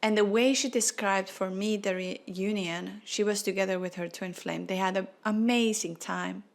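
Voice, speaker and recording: A woman's voice: mid-range voice, vocal fry. A woman hosting a spiritual podcast, speaking earnestly and from the heart, close to tears. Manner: earnest, heartfelt, non-native phrasing. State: tearful, near crying. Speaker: podcast host.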